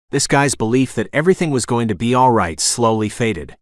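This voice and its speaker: A man narrating a romance audiobook in first person, with a gruff, dramatic delivery. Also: medium pitch, animated, brisk, no echo, clean studio sound.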